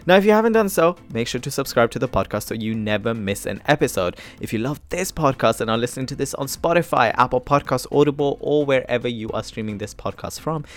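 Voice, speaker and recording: Lively chatty man hosting a podcast. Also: mid-range voice, quick pace, few pauses. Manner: animated and chatty, swings from loud bursts to quiet asides. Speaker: podcast host. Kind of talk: solo podcast intro.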